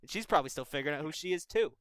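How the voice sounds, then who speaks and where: A young man hosts a call-in advice stream, talking bluntly and with plenty of swearing, like an older brother. His voice is bright and smooth, a little high for a man. The recording is dry and close. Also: expressive, rapid-fire, no echo, rough recording. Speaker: advice show host. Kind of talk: casual advice chat.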